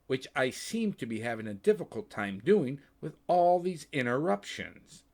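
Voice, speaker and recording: Man as a worn-out old official, dry, calm, mumbling, a bit quieter and slower than the reading. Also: mid-range voice, gravelly. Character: weary, cranky old male custodian, dry wit.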